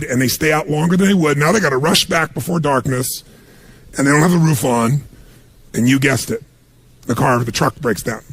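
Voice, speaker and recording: A man's voice: on the high side, creaky, breathy edge, no echo. A man giving a motivational talk, telling stories and acting out the voices of the people in them. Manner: storytelling, acts out quoted voices. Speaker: motivational speaker.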